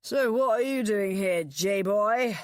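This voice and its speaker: A woman voicing a drunk, slurring young man with a loud, careless manner in an audiobook. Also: on the low side, measured pace, no echo, clean studio sound, close to an everyday voice. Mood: drunk, boisterous. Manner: slurred, boisterous. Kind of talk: audiobook narration.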